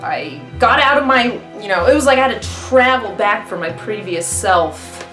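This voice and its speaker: A young woman telling a comic story in an animated way, acting out the quotes loudly. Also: normal speed. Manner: lively, acts out quotes with loud pitch jumps. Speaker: comedic storyteller. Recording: roomy echo with faint music.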